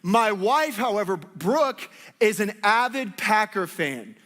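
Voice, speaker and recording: High-voiced joking pastor in a hall. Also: male voice, very animated, slow, fairly bright tone. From Northwest Arkansas, United States. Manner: playful, joking with the congregation. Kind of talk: sermon. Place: church hall with congregation. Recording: long hall reverb.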